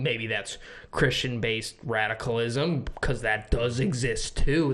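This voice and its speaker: Young american man, podcast co-host, rambling, profane, animated, mid pitch. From United States. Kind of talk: casual podcast chat.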